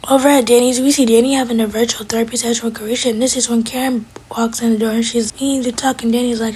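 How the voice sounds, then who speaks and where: A woman recapping a TV episode in a casual, fast retelling, quoting the characters in her own voice. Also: on the high side, level tone, a little mellow, breathy edge, rough recording.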